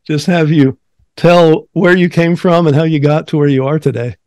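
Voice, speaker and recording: Brief: male interview host, a bit high-pitched, friendly and upbeat, dry close recording. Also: fairly even intonation, moderate pace, a little mellow, dry recording. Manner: upbeat, friendly, with frequent fillers. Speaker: podcast host. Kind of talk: casual interview hosting.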